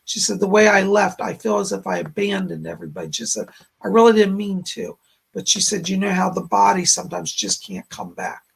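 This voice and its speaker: A hoarse man hosting a live-stream psychic reading, relaying spirit messages in looping "he said" phrasing and thanking viewers effusively. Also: high voice, steady tone, brisk. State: hoarse, voice giving out. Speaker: psychic medium, stream host.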